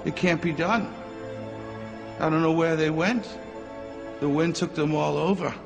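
A man's voice: fairly high pitch, unhurried, creaky, big-room sound, music in the background, voice pushed up. A man voicing an anxious woman pleading with a priest for forgiveness. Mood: helpless. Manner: pleading, questioning.

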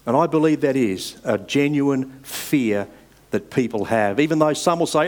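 A man preaching a sermon in an earnest, measured way, rising for emphasis and dropping soft at the ends of phrases. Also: medium pitch, lively intonation.

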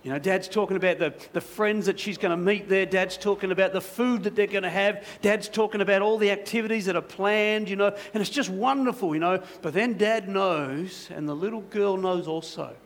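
A man's voice: high voice, brisk, hardly any pauses. A man preaching as a pastor, telling a story in a conversational sermon style with many asides to the congregation.

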